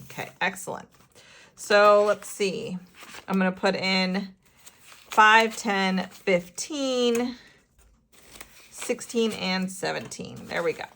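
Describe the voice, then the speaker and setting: An excitable woman hosting a casual budgeting vlog, counting cash aloud and narrating her savings. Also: mid-range voice, slow pace, vocal fry, long pauses, slight background noise. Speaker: budgeting channel host.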